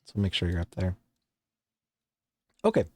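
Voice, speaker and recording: A man narrating a tabletop game as game master, halting with many fillers. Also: sits low, huge pitch swings, dark tone, dry recording.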